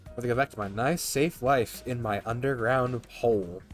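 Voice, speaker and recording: A man's voice: mid-range voice, moderate pace, faint music behind, lightly acted. A man reading as a weary young student narrator. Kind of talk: reading game narration aloud.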